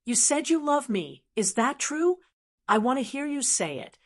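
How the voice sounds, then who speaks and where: A woman's voice: high voice, sing-song, measured pace, voice pushed up, heavily acted. A woman voicing a heartbroken young woman who pleads tearfully in an audiobook. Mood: pleading.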